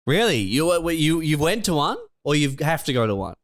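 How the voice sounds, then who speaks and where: A man's voice: on the high side, big pitch swings. A man co-hosting a podcast who chimes in with short quips and teasing questions. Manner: quick interjections and teasing questions. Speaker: podcast co-host. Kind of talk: casual comedic banter.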